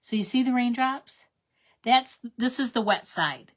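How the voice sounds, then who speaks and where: This middle-aged craft demonstrator speaks a little high and in an unhurried way while hosting her channel's card-making tutorial. She chats warmly and enthusiastically with "you guys," explaining each step and often self-correcting.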